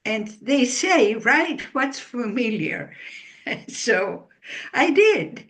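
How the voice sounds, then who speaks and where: A woman's voice: on the high side, sing-song, extremely slow, a bit bright. An older woman with a Greek accent, an author answering interview questions and laughing lightly. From Greece. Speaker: author and guest.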